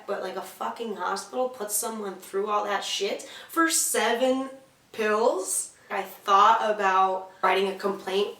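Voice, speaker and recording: A young woman recounts a rough experience in a candid storytime vlog, swearing freely and rising to frustrated bursts. Her voice sits at a middling pitch. The sound is roomy and she is a little distant from the mic. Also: a bit bright. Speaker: vlogger.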